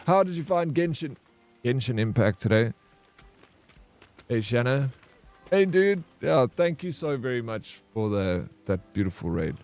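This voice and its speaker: A man hosts a gaming live-stream in casual, jokey chat with his viewers. He gets excitable and loud over tough fights and new arrivals, with a middling voice. Faint game music plays behind him. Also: mid-range voice, normal speed. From South Africa. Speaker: variety streamer.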